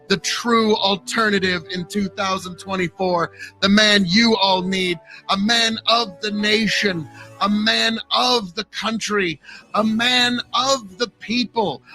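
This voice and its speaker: Guy doing a big pompous campaign ad announcer, high bright voice, slow and grand. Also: full character voice. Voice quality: booming, pompous.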